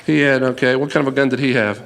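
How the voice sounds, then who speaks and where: A man's voice: mid-range voice, steady tone, fast talker, gravelly, fairly bright tone. A man giving a humorous storytelling talk to a live audience, playfully acting out voices.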